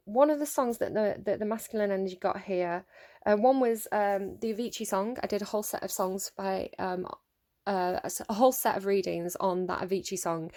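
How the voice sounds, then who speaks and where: A woman talks through a tarot reading at a middle pitch, in a casual, rambling way. She fills her talk with ums and sighs, and the recording is close and dry with no room sound. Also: dry recording. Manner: rambling, many fillers and sighs. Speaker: tarot reader.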